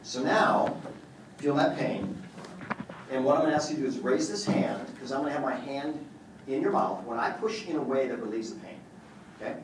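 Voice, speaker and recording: A man's voice: mid-range voice, moderate pace, background noise. A man who is a chiropractor, giving a joking, boastful live demonstration talk to an audience as he works on a patient. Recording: echoey room, voice from far off.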